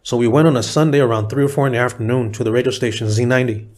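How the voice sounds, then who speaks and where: A man's voice: mid-range voice, racing. Profane storytelling man. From San Diego. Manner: profane, animated retelling with quoted voices. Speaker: guest, rapper. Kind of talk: casual storytelling interview.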